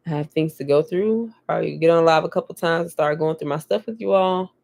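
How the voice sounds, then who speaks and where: Woman, vlogger, low-ish voice, casual chat to camera, frank and profane. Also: brisk, creaky. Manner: candid, profane, lively storyteller.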